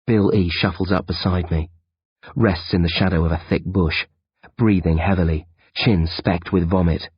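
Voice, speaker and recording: Brief: man reading a first-person thriller audiobook, raspy low voice, dry and muffled sound. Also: steady tone, moderate pace, no echo. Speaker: audiobook narrator. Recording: dull, dry lo-fi recording.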